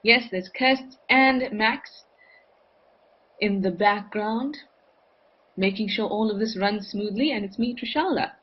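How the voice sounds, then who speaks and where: A woman's voice: mid-range voice, slow pace, pauses often, husky, muffled recording. A woman hosting a live wildlife cam show, chatting enthusiastically and reading out viewer comments.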